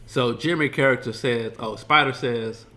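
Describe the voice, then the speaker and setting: A man's voice: medium pitch, moderate pace, pushed and bright. A man streaming a casual reaction commentary, rambling loosely and swearing freely as he retells scenes.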